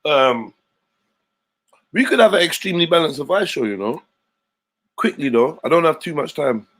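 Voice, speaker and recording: A man hosting a livestream, chatting casually in heavy slang and shouting out his viewers. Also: fairly high pitch, lively intonation, normal speed. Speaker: livestream host.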